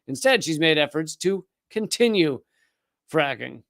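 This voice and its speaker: A man from Richmond, Virginia with a Southern US accent, hosting a live political commentary stream and talking back to the chat in a sardonic, rapid way with frequent restarts. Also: fairly high pitch, animated, gravelly, a bit bright, dry recording, studio quality.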